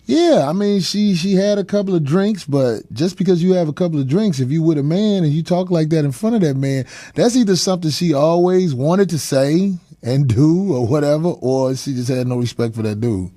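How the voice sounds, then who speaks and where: A middle-aged comedian hosting his talk show, telling crude road stories in a loose, profane way and breaking into laughter as he goes. He slips into quick voices for the people he quotes. The sound is dry and close, with no room around it. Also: a little high, dark tone, dry recording. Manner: profane, laughing, chuckles mid-story. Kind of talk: casual storytelling chat.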